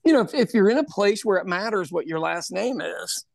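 A man's voice: high-pitched, lively intonation, a little fast, vocal fry, crowd noise. A man co-hosting a podcast in casual chat, rambling and repeating words, laughing often. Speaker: podcast co-host.

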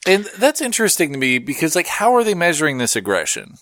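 A man's voice: on the high side, huge pitch swings, a bit bright, dry recording. A man co-hosting a casual podcast, joking around and riffing playfully. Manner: playful, jokey, swearing, quick riffs. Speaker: co-host.

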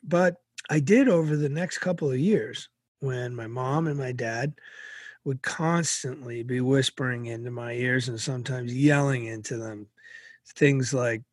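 Man, middle-aged, interview guest, animated storyteller, dry sound. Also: medium pitch, unhurried, dry recording. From Massachusetts.

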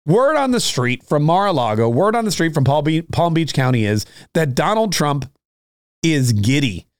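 A man delivering a political monologue in a fired-up, sarcastic way. His voice sits a little higher than most men's. He repeats himself as he builds each point. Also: big pitch swings, moderate pace, clean tone. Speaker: political commentary host.

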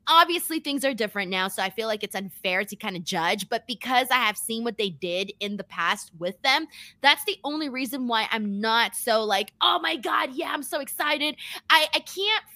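A woman's voice: a little high, bright, forceful tone, no room sound. A woman co-hosting a podcast in a casual chat, talking loosely with lots of fillers. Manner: chatty, heavy on fillers like "like" and "you know". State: running on little sleep. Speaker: podcast co-host.

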